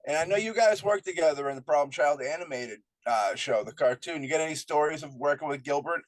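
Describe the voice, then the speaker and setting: A man's voice: fairly high pitch, quick pace, dry recording. A man hosting a podcast, asking loose, chatty questions with restarts. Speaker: podcast host. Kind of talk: casual interview chat.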